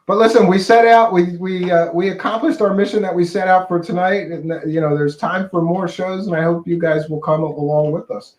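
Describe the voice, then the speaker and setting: A man's voice: high-pitched, fairly even intonation, fairly quick, few pauses. Easygoing Philly man hosting a stream. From Philadelphia. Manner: easygoing, rambling, laughs along. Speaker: show host. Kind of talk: casual livestream chat. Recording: echoey room.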